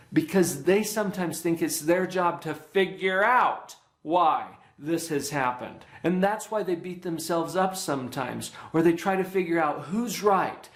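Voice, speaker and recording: A man's voice: a little high, unhurried. A middle-aged man giving a parenting workshop lecture, earnest and teacherly, often checking that his listeners follow. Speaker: workshop presenter, psychologist. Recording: echoey room.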